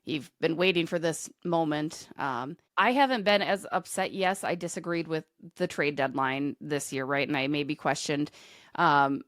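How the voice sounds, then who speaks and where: A woman's voice: sits low, measured pace, a bit bright, no room sound, clean studio sound. A woman co-hosting a hockey podcast, chatty and opinionated, talking loosely with many fillers. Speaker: podcast co-host, hockey reporter. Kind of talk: casual chat.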